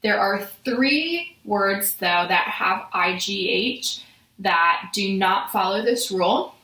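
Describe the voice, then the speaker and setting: A woman teaching a phonics lesson to children, sounding out letters slowly and clearly. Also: medium pitch, expressive, sharp tone. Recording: echoey room.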